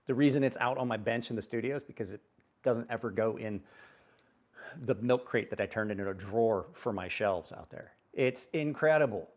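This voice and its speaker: A middle-aged man hosting a knife livestream, telling stories in a blunt, profane, animated way. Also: on the low side, fairly quick. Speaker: knife channel host on a livestream. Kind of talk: casual livestream chat.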